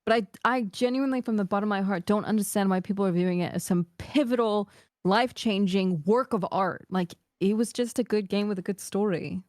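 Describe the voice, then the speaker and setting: A woman's voice: mid-range voice, brisk, darkish tone, no room sound. Candid woman streamer, dry close mic. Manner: thoughtful and candidly opinionated. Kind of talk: casual chat.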